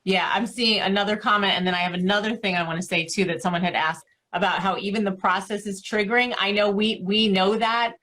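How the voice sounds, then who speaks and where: A woman co-host talks at a middling pitch in a loose, conversational way. She leans on repeated words for emphasis and fills her sentences with casual fillers. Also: steady tone, a little fast, few pauses, fairly bright tone. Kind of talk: casual talk show chat.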